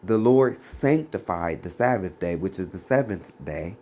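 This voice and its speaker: A man's voice: low-pitched, animated, measured pace, darkish tone. A man giving fiery, blunt commentary on preachers, scornful and mocking. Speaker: religious commentator.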